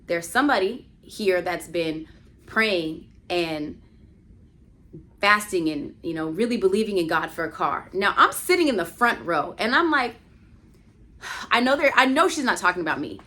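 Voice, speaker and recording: A woman vlogger telling a personal story in a casual, animated way, full of "like" fillers, swinging between hushed and exclaiming. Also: lowish voice. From United States.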